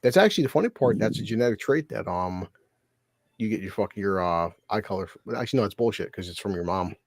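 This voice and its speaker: Man, podcast co-host, lively pitch, dry close sound, laughs and swears a lot. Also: fast talker, no echo. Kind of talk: casual movie-watch chat.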